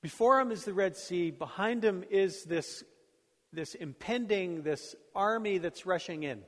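This sermon comes from a middle-aged pastor whose high-sitting voice is fairly bright and a little slow. He preaches like he's chatting, weaving in stories and jokes at his own expense, recorded with long hall reverb.

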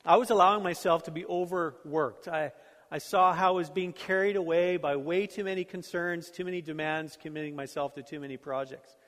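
A man's voice: on the high side, steady tone, brisk, fairly bright tone. A middle-aged male pastor preaching a sermon in a conversational, storytelling way, self-deprecating about his own life. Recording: long hall reverb.

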